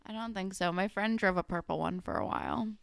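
A woman's voice: lowish voice, a little fast, vocal fry, a bit bright, clear, resonant tone, no room sound, studio quality. A young woman co-hosting a podcast, chatting casually about a TV episode, swearing freely with plenty of likes and ums. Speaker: podcast co-host. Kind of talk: casual chat recapping a TV episode.

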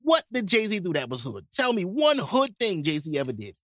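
A man co-hosting a casual podcast, joking crudely and bantering with big animated swings. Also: sits high, normal speed, no room sound, studio quality. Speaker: podcast co-host.

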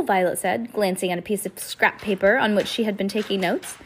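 A woman reading a novel aloud, expressive, with occasional slips and restarts. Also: mid-range voice, fairly quick, breathy edge. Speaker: reader.

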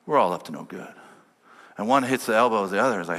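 A man preaching a sermon as pastor, telling a personal story and swinging between loud emphatic lines and quiet, low ones. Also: lively intonation, fast talker. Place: large church hall. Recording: long church-hall reverb.

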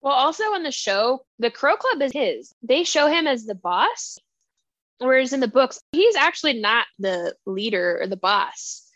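A young woman co-hosting a podcast in casual chat, expressive and quick to react. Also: high voice, no echo. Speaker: podcast co-host. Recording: dry, dull lo-fi mic.

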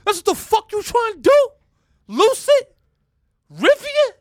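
A man playing a boastful male tech mogul, shouting profane, swaggering taunts at his rivals. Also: very high-pitched, sing-song, measured pace, no room sound, clean studio sound, voice pushed up, exaggerated voice.

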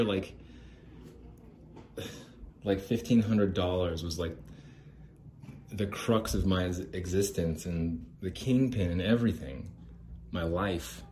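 A man's voice: sits low, warm tone, slight background noise. A middle-aged man from the United States ranting casually as a podcast host, aggrieved and rambling, swearing freely. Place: outdoors near an apartment complex.

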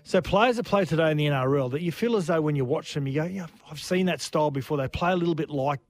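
An Australian man co-hosts a sports radio show in easy, chuckling banter. His voice sits a little high for a man. He talks through the players in plain detail. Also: fast talker.

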